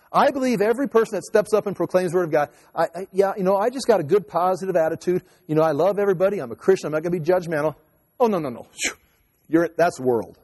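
A man's voice: a little high, a little mellow, big-room sound. A man preaching a sermon as pastor, talking conversationally and joking at his own expense. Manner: conversational, self-mocking humor.

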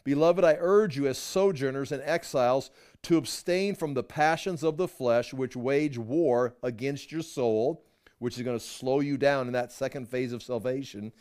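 A man's voice: medium pitch, normal speed, darkish tone. A middle-aged man teaching a Bible study, reading verses aloud and explaining them line by line. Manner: explains verses, reads scripture aloud and comments.

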